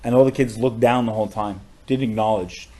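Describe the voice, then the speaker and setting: A male rabbi with a lowish voice tells a story on a podcast. He sounds heartfelt and uses a lot of casual fillers. At the saddest moments his voice falls almost to a murmur. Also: steady tone, fairly quick, mellow. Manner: emotional storyteller with frequent "like" fillers.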